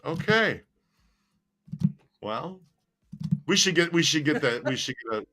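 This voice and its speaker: A man's voice: a little high, sharp tone. A man co-hosting a casual live-stream chat, joking around and laughing often. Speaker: co-host.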